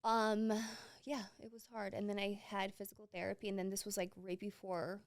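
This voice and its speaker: A woman's voice: mid-range voice, little pitch movement, brisk. A young woman hosting a podcast, candidly telling a personal story with many filler words and open emotion. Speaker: podcast host.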